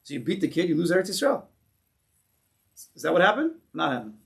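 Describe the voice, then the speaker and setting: A man teaching a casual Torah class with a slightly high voice. He talks animatedly, throws out rhetorical questions and acts out the stories he tells. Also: big pitch swings, quick pace, creaky, a bit bright.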